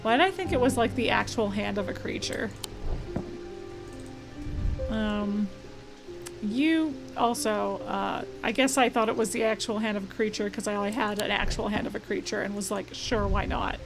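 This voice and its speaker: This young woman's voice is creaky, medium in pitch, and moves at a normal speed. She's doing let's-play commentary on a puzzle game she's streaming, thinking out loud, chatting, reading the on-screen text, and fixing her own slips as she goes, with game music playing behind her.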